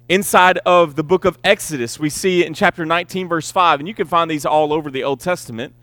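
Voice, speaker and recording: Male pastor, high-pitched, emphatic sermon delivery, dry recording. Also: sharp tone, no room sound. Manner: emphatic, repeats key words, slows to stress points.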